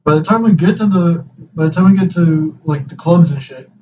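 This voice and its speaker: A young man in his twenties with a slightly high voice spins a profane, rambling tale. He acts out each friend's lines as he goes. The recording is lo-fi, with him set back from the mic and a clear hiss underneath. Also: fairly quick. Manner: profane, rambling, animated retelling with quoted dialogue. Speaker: podcast host. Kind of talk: casual storytelling chat. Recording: distant mic, dull lo-fi sound with clear background hiss.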